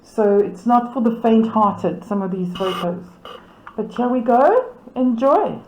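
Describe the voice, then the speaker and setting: A woman's voice: on the high side, expressive, a little slow, darkish tone, roomy sound, a little hiss or hum, poor audio. A woman, casually commenting on club photos as she reads out titles and names, amused and laughing often. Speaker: camera club presenter.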